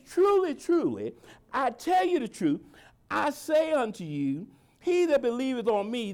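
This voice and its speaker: A pastor preaching a sermon to his congregation, quoting scripture in old-fashioned wording and speaking informally, asking for agreement and slowing down to drive key lines home. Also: high voice, a little mellow. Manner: preaching with a call-and-response cadence, slowing to stress lines.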